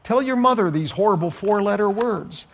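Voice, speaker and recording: A man voicing a middle-aged mother who gently coaxes her upset daughter. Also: high-pitched, expressive, moderate pace, pitched above the performer's own voice. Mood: soothing.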